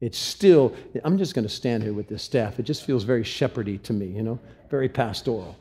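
A man's voice: expressive, warm tone, a little hiss or hum. A man preaching a sermon, reading scripture and acting out the characters' lines with vivid emphasis. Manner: acts out biblical characters' lines with rising pitch and slowed emphasis. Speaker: pastor.

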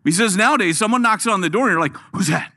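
The guest preacher, a middle-aged man with a high voice, races through his sermon in church. Animated and full of humor, he keeps telling jokes and stories along the way.

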